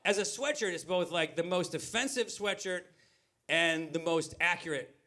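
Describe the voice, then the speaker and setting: A middle-aged man does stand-up comedy at a brewery in front of a live audience, telling animated stories and acting out the characters in quoted voices. His voice is high-pitched at normal speed, and the recording is very noisy.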